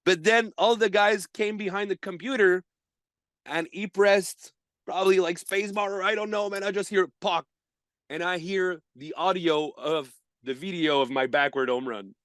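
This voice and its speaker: Guy in his 30s, kinda high voice, acts out all the dialogue, dry close sound. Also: normal speed, dry recording. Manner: animated storyteller, acts out dialogue, laughs often. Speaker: guest baseball performer. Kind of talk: storytelling in a podcast interview.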